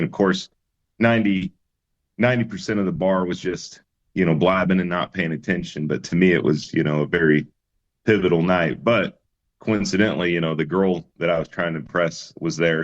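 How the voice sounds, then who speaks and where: A man's voice: deep voice, dull audio. A man, a musician guest, telling his story in an easygoing interview chat with many fillers and restarts.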